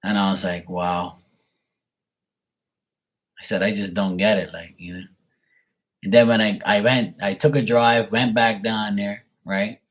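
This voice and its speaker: A man's voice: on the low side, fairly even intonation, moderate pace. A middle-aged man reading tarot on a live stream, telling a rambling family story in casual chat, swearing and mimicking his relatives. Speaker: tarot reader.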